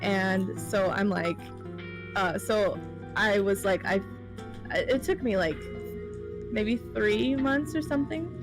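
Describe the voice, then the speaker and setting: A woman's voice: mid-range voice, slow, long pauses, music in the background. A woman game developer telling a story casually, rambling with many fillers.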